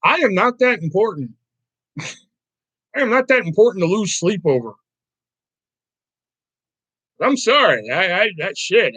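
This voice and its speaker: A man's voice: sits high, moderate pace, pauses often, dry recording, muffled recording. A man from Virginia hosting a casual livestream, telling stories with lots of swearing and reacting to his chat. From Virginia, USA. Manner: animated, profane storytelling. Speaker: livestream host.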